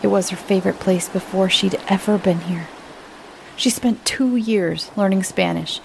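A woman narrating a scripted first-person horror story in a slow, low, hushed voice that often drops to a whisper. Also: steady tone, gravelly, a little hiss or hum.

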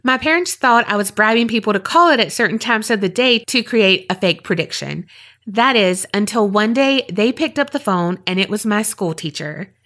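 A woman hosting a podcast, reading listener stories aloud in a steady storytelling voice with short asides. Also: mid-range voice, moderate pace.

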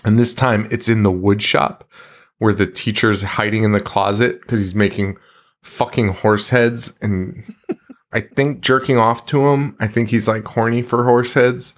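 A man's voice: lowish voice, steady tone, a little slow. Male podcast co-host, casual and profane, exasperated recap delivery. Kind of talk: casual movie recap chat.

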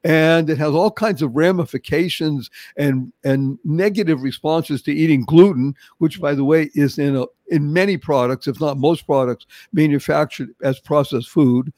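A man's voice: a little high, normal speed, hardly any pauses, darkish tone, no echo. A man from Boston with a Boston accent, hosting an interview show with emphatic, theatrical delivery that acts out little scenes. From Boston, Massachusetts. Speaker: podcast host. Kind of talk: enthusiastic interview introduction.

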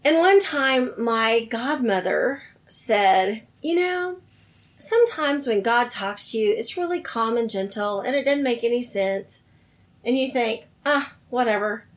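A middle-aged woman tells her life story in a relaxed conversation. Her voice sits a little high, and she turns animated when she acts out the people she quotes. She laughs between lines and then drops softer for the serious parts. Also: measured pace.

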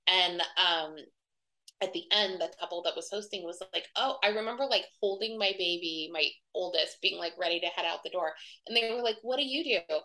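A woman in her thirties talks as a guest in a relaxed interview, her voice slightly low with a gravelly fry and a bright edge. She tells stories in a loose, chatty way, full of fillers, and acts out the voices of people she quotes. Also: moderate pace, rough recording. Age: 30s. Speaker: guest, wedding website publisher. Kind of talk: casual conversational interview.

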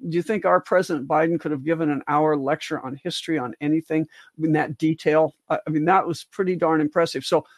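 A woman's voice: sits low, fairly even intonation, quick pace, no room sound, clean studio sound. An older woman, a physician co-hosting a livestream discussion, talks in long rambling stretches full of restarts and asides, rising with emphasis on key points. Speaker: co-host physician.

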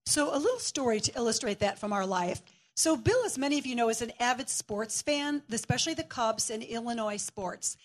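High-voiced woman preaching with stories. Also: fairly quick. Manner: lively, laughing storyteller. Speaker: guest preacher. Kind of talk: shared sermon with storytelling. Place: church.

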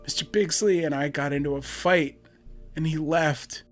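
A man voicing a male asylum patient who fakes hysterical crying and begs in a high, strained voice. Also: fairly even intonation, moderate pace, faint music behind, close to an everyday voice. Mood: pleading. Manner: wailing, pleading, high and strained.

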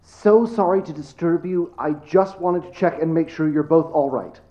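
An actor playing a nervous, fussy cafe proprietor who stammers and apologizes constantly. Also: male voice, fairly high pitch, moderate pace, dull audio, close to an everyday voice. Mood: fretful.

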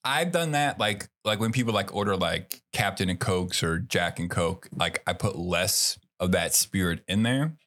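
A man's voice: low voice, lively intonation, moderate pace, few pauses, a bit bright. A man hosting a podcast in casual chat, swearing freely with lots of fillers. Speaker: podcast host.

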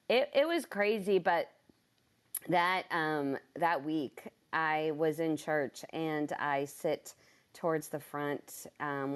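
Woman, lower-pitched voice, personal testimony, emotional, expressive, voice leaps high in self-quotes. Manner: animated, emotional, jumps high when quoting herself. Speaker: business owner and speaker.

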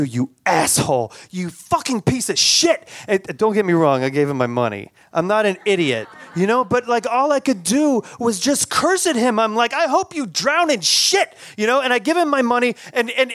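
A man telling a personal story live, halting often, with stammers and repeated words. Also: high-pitched, no room sound, studio quality.

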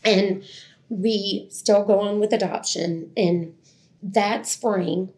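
Earnest woman with gravelly voice. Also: mid-range voice, steady tone, takes it slowly, darkish tone. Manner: earnest, candid, quotes others' words. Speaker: guest telling her adoption story. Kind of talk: emotional personal storytelling.

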